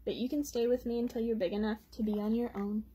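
A woman voicing a grown, kind male wolf who leads a pack, speaking in a calm, reassuring storybook voice. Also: on the high side, quick pace, breathy edge.

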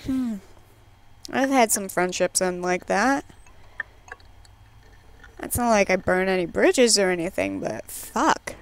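A woman's voice: mid-range voice, sing-song, takes it slowly, long pauses. A woman in her twenties streaming a game, reading chat lines aloud and reacting with emotional, swear-filled commentary. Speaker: let's play streamer.

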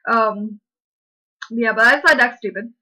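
A woman's voice: a little high, moderate pace, pushed and bright, rough recording. A woman vlogger chatting casually and giggling often as she reads an online chat aloud. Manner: giggly, lots of fillers and laughs.

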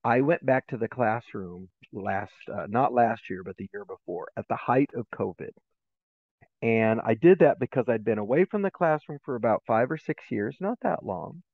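A middle-aged man joins a podcast interview as a guest educator, telling stories with animated energy and slipping into the voices of people in them. His sound comes through a narrow, phone-like remote line, dry and close with no room around it. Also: mid-range voice, normal speed, no room sound.

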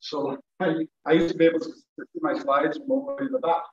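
A male teacher giving a classroom lecture to students, animated and playful, acting out examples as he goes. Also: a little high, fairly quick. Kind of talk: classroom lecture on public speaking. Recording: echoey classroom from far off, dull.

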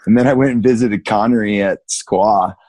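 A man in his thirties with a low, husky voice tells skiing stories in a laid-back, slangy way. He laughs often and acts out what others said along the way. The sound is close and dry. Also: steady tone, moderate pace, darkish tone, dry recording. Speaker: guest, big mountain skier. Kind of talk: casual storytelling interview.

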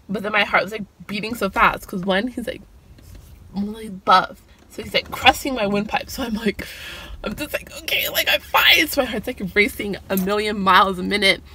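Bright and forceful, a young vlogger's voice carries a storytime video full of chatty "like" fillers, with quoted lines performed in a lifted, higher voice. A little hiss or hum sits under the recording.

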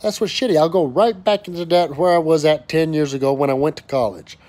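A man's voice: fairly high pitch, brisk, darkish tone. A man, an oil and gas worker ranting angrily to camera, swearing heavily and stumbling over repeated words. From West Texas. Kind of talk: angry profane rant to camera.

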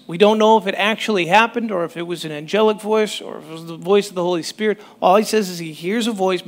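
A man pastor giving a sermon in a conversational, animated way, often breaking off mid-sentence to restart. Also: sits high.

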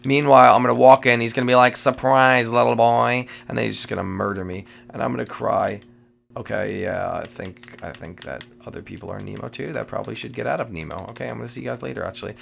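A gamer gives live commentary during a multiplayer survival match, jittery and excitable, repeating phrases and suddenly bursting out loudly. His voice is lowish with vocal fry and a quick pace, over slight background noise.

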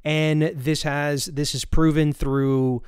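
A man's voice: a little high, level tone, slow pace, a little mellow, clean tone, dry recording, studio quality. A man hosting a podcast, presenting segments in an earnest, opinionated way. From United States. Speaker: podcast host. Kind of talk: scripted show hosting.

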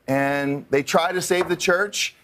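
A man's voice: on the high side, slow pace, fairly bright tone, a little hiss or hum. A man as an actor guest on a morning talk show, telling a story in a rambling way with many restarts and fillers. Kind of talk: casual talk show interview. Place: television studio.

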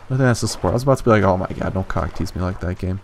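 A young man doing let's play commentary, excitable and swearing often, jumping into high yelps when frustrated. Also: very fast, vocal fry, a little hiss or hum. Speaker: gaming YouTuber.

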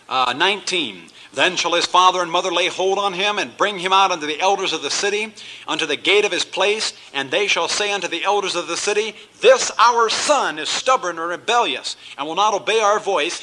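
A man's voice: high voice, bright, forceful tone, rough recording. A male pastor teaching a verse-by-verse Bible study sermon, reading scripture aloud and then explaining it with emphatic asides.

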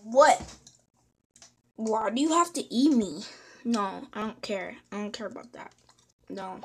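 A woman's voice: mid-range voice, expressive, moderate pace, husky. A woman talking casually over her own gameplay, chatty, dropping into whispers and breaking into panicked squeals. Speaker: gaming channel host.

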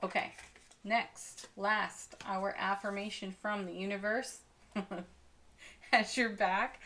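A woman giving a daily tarot card reading, upbeat and effusive, with gentle laughs and soothing spiritual affirmations. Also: medium pitch. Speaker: tarot reader.

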